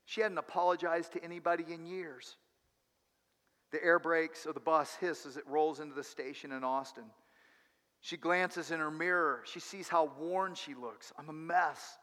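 A pastor telling a story in a sermon, dramatic, moving from hushed to loud. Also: male voice, a little high. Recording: long hall reverb.

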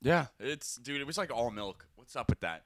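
A man's voice: medium pitch, lively intonation, moderate pace, a bit bright, dry recording, clean studio sound. A young man co-hosting a casual podcast, laid-back and chiming in with short quips. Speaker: podcast co-host. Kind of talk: casual crude banter.

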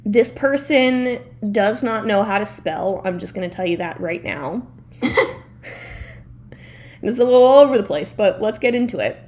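A woman's voice: mid-range voice, lively intonation, normal speed, a little mellow. A young woman co-hosting a podcast, chatting casually, rambling with lots of "like" and laughing often. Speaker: podcast co-host. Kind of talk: casual chat.

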